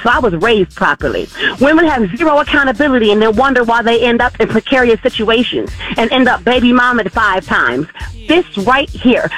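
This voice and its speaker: A woman's voice: on the high side, a bit bright, rough recording. A woman calling in to a radio talk show, scolding and indignant. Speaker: caller. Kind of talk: phone-in rant.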